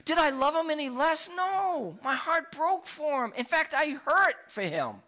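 Middle-aged male preacher, bright edgy tone, heated sermon delivery with surges and drops. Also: sing-song, a little slow. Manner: impassioned, swings from loud and high to low and quiet; repeats words and restarts when emphatic.

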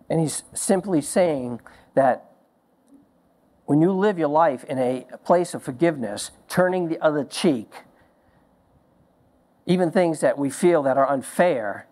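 A man preaching a sermon as a pastor, telling stories in slow, emphatic phrases. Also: a little high, darkish tone.

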